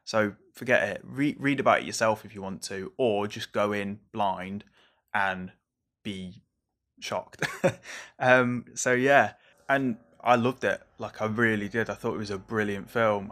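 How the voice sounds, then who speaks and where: A young English man chats through a solo podcast on his own. His voice sits a touch low for a man. He rambles in a jumpy, over-caffeinated way and swears casually. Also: unhurried, fairly bright tone. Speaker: podcast host reviewing films.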